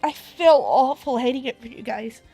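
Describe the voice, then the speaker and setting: British woman, young, sore throat, tearful, candid live-stream chat, soft music behind. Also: high voice, normal speed, husky. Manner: emotional, tearful and candid, laughing between sentences.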